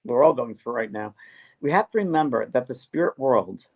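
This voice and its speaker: A middle-aged man speaks earnestly and with feeling in a casual chat. His pitch sits in an ordinary middle range for a man. He often slips into what spirits say to him. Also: lively intonation, moderate pace, a little mellow, slightly rough. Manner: earnest, emotional, quotes spirits in their own words. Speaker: spiritual medium and co-host.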